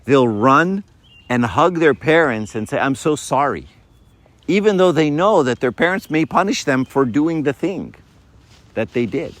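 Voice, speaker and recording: A man's voice: fairly high pitch, expressive, moderate pace. A man in his fifties giving a conversational faith talk to young people, often checking in with "right?" and acting out little scenes. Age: 50s. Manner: informal, keeps checking in with "right?"; acts out little scenes with changed voices.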